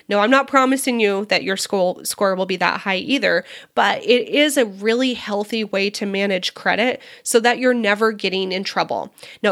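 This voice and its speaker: A woman hosts a solo podcast in a direct, chatty, upbeat way. A cold has left her voice nasal, with a touch of vocal fry. Her pitch sits in the middle range. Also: fairly bright tone. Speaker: podcast host.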